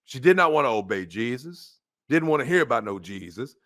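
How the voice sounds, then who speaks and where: A man preaching a blunt, mocking sermon, dropping to low mutters and jumping to loud outbursts. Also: sing-song, fairly quick. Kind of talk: fiery street-style sermon.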